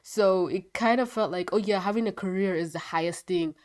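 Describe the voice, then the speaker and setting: A woman with a congested voice chatting through a casual video review, rambling and quick to laugh. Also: mid-range voice, a little mellow. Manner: a bit foggy and scattered. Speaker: show reviewer.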